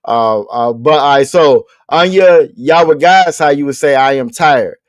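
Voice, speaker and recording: A man leads a language lesson over a video call. He speaks at an ordinary middle pitch and keeps repeating his questions patiently, with easygoing jokes for the class. The sound is dry and close, with no room around it. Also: a little slow, dry recording. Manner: patient, repeats questions, casual joking with students. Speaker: language teacher. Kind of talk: online class teaching vocabulary.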